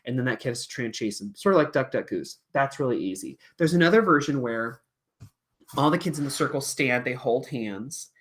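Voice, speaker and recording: A woman's voice: very deep voice, expressive, a little fast. A woman teacher explaining a puppet lesson in a chatty way, with many fillers.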